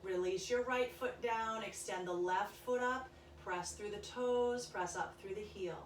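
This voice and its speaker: A woman leading a yoga class, giving calm, soft-spoken cues through breathing and stretches. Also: mid-range voice, a little slow, a little hiss or hum. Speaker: yoga instructor. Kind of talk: guided yoga class instruction. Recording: echoey room, voice from a distance.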